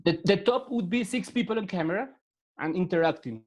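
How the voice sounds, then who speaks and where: His voice is high, expressive and brisk with a slight mellowness as he leads an online class via video call. Originally from Latin America, he speaks Spanish-accented English, patiently repeating words and giving instructions step by step.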